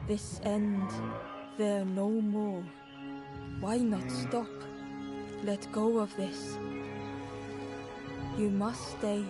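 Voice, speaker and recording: A woman voicing a weary, stern forest king who speaks in slow, terse commands. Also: mid-range voice, music in the background. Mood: grim.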